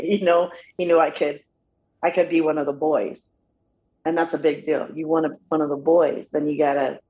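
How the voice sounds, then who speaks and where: A woman's voice: low-pitched, narrow, tinny audio. A woman, a guest on a podcast, chatting casually in a loose, slangy way, often saying "bro" and "you know what I'm saying.". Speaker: podcast guest, pro wrestler. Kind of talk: casual interview chat.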